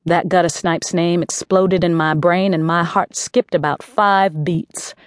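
Slow, gritty woman audiobook narrator. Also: lowish voice, steady tone, no echo, clean studio sound. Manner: gritty slangy street voice, unhurried. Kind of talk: first-person audiobook narration.

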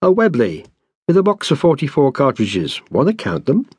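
A man's voice: on the high side, wildly swooping pitch, moderate pace, darkish tone, slightly rough, no room sound, studio quality, pitched above the performer's own voice, heavily acted. A man doing a blunt burglar. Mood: menacing. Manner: blunt, clipped street talk. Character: tough male burglar, blunt and menacing.

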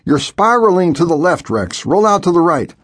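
A man's voice: high voice, very animated, moderate pace, a bit bright, pitched above the performer's own voice, full character voice. A man doing an urgent, pleading pilot on the radio. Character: tense adult male pilot talking down a plane.

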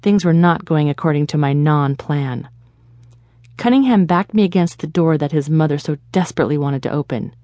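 A woman reading a first-person audiobook in a steady, measured storytelling manner. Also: low voice, dry recording. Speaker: audiobook narrator.

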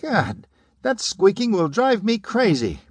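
A shrill, jittery pudgy man. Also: big pitch swings, takes it slowly, breathy edge, dry recording, heavily acted. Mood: irritated. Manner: high-pitched, whining.

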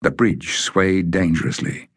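A man narrating a children's fantasy audiobook in a measured, deliberate way. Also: low-pitched, slightly rough, no echo, studio quality. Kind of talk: scripted narration of a children's novel.

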